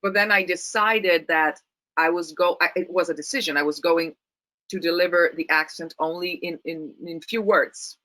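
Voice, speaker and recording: A woman's voice: on the low side, steady tone, moderate pace, bright, forceful tone, rough recording. A middle-aged woman from Italy with an Italian accent, a guest actress talking thoughtfully and often restarting her sentences. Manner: thoughtful, many restarts and repeated words. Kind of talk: casual interview chat.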